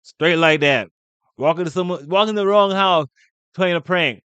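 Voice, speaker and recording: A man's voice: high voice, moderate pace, a bit bright, clear, resonant tone, no echo. A man giving blunt, slangy commentary in a casual reaction video. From United States.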